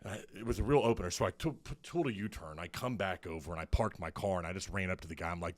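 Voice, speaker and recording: A man's voice: low voice, very fast, few pauses, no room sound. A man hosting an interview, telling a story in a reflective, earnest way. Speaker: podcast host. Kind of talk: conversational interview.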